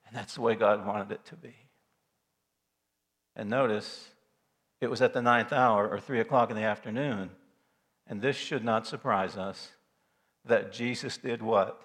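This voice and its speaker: A male pastor preaching a sermon, dramatic, dropping to a hush and then rising to loud, forceful passages. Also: medium pitch, lively intonation, normal speed. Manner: dramatic swings between hushed and loud passages.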